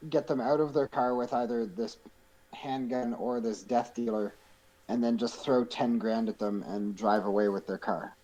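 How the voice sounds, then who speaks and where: A man's voice: mid-range voice, fairly even intonation, normal speed, warm tone, rough recording. A man playing a tabletop game, joking and stumbling over the start of his lines. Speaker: player. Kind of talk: casual tabletop role-play.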